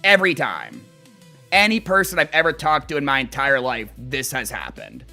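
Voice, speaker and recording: A man's voice: medium pitch, normal speed, soft background music. A man streaming as he plays a game, chatting casually and telling rambling, profane stories. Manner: animated, profane, rambling storytelling. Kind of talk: casual chat while gaming.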